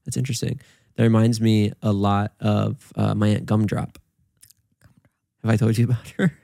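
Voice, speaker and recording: A young man co-hosting a podcast, chatting casually in a deadpan, hesitant way. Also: lowish voice, normal speed, creaky, no room sound, studio quality. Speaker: podcast co-host. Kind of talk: casual chat.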